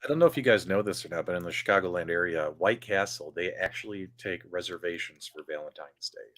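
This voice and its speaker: A man co-hosting a podcast, telling teasing stories in animated casual chat. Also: low voice, quick pace, no room sound, studio quality. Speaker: podcast co-host.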